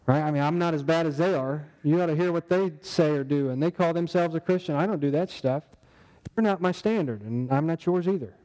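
Man preaching with a mellow tone. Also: on the high side, brisk, in a large hall, poor audio. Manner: conversational preaching with rhetorical questions. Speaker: pastor. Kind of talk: sermon.

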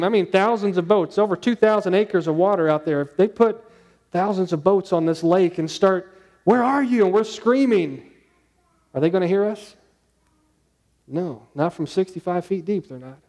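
A man preaching a conversational sermon, asking his listeners questions and dropping to a hushed tone on key points. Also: high-pitched, moderate pace. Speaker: pastor.

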